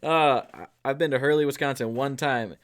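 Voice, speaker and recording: Man, podcast co-host, casual chat, jokey, rambling, average pitch. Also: moderate pace. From northern US. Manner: rambling, jokey, goes off on tangents.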